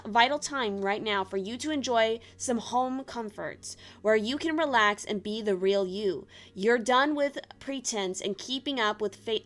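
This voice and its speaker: A young woman giving a casual tarot reading to viewers, reading card meanings aloud with chatty asides. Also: on the high side. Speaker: tarot reader.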